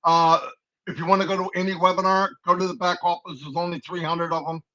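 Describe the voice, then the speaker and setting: A man's voice: high voice, level tone, quick pace, sharp tone. A man co-hosting a live company stream, giving rambling, folksy, preachy advice in a casual pep talk. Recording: dull lo-fi stream audio.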